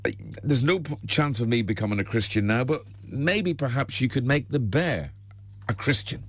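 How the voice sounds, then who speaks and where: A man playing a stubborn atheist who speaks bluntly and quickly in a joke. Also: medium pitch, expressive, husky, no room sound. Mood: defiant. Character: defiant, stubborn male atheist in danger.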